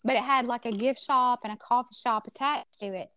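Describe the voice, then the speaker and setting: A woman from Mississippi with a Mississippi Southern accent, telling animated stories as a podcast guest, acting out the people she quotes and often restarting her sentences. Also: a little high, a little fast, clear, resonant tone, dry recording. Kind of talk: casual storytelling chat.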